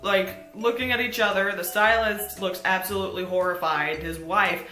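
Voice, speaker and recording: Bright, wry woman telling a story. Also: medium pitch, steady tone, normal speed. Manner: sardonic and wry. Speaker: vlogger. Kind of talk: storytime vlog. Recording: echoey room, faint music.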